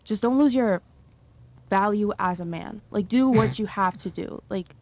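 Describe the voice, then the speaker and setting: A young adult woman, a guest speaking softly and hesitantly with many fillers in a casual panel discussion. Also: mid-range voice, moderate pace, no room sound.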